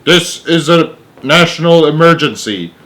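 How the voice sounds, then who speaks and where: A man voicing a rude, blustering male President with a rasping voice, in a storybook read-aloud. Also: a little high, lively intonation, unhurried, a bit bright, pitched above the performer's own voice, low-quality recording. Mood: bossy, barking. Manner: barking, impatient.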